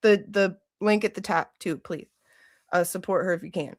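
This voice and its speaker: A woman's voice: on the low side, moderate pace. A woman from Michigan hosting a livestream, chatting casually and ranting with lots of "like" and swearing. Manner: animated, ranting, heavy use of "like", swearing. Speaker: livestream host.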